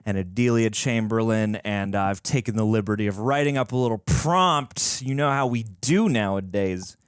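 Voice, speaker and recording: A man's voice: on the low side, moderate pace, clean tone, no room sound, studio quality. A man hosting a casual movie reaction chat, enthusiastic and rambling, with frequent restarts. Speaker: host.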